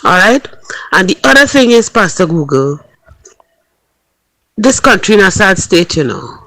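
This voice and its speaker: A man with a Trinidadian accent calling in, speaking haltingly with stammered restarts and a wry tone. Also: sits high, big pitch swings, creaky, bright, forceful tone, no echo, low-quality recording. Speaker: caller. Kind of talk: phone-in commentary.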